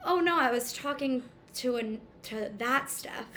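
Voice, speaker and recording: A woman's voice: high-pitched, expressive, measured pace, fairly bright tone. A young woman animatedly telling a story in casual chat, acting out the dialogue. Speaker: storyteller guest.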